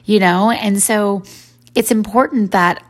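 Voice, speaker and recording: A woman's voice: medium pitch, a little slow. A woman in her forties giving a faith-based personal talk in a conversational way, with many "you know" fillers. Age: 40s.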